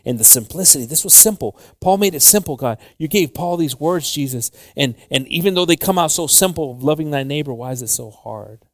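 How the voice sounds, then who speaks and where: A man's voice: on the high side, lively intonation, brisk, hardly any pauses, dry recording, studio quality. A man preaching and leading prayer as a pastor, switching between English and Spanish and calling on the Lord again and again. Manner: pleading prayer with repeated "Lord" and "Jesus". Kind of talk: bilingual sermon and prayer.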